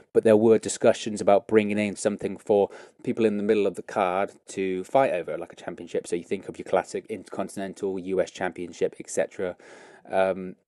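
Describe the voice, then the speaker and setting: A man's voice: fairly low pitch, warm tone, dry recording, studio quality. A man hosting a show, talking through his views in a casual, rambling way with many fillers and self-corrections. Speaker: wrestling podcast host. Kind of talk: casual opinion commentary.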